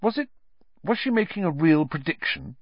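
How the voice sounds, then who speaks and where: Man reading earnest teen boy wizard, pitched up, anxious, dull lo-fi sound. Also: animated, moderate pace, vocal fry, husky, no echo, heavily acted. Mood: urgent. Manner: urgent, pleading, rising pitch. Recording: slightly dull lo-fi audio.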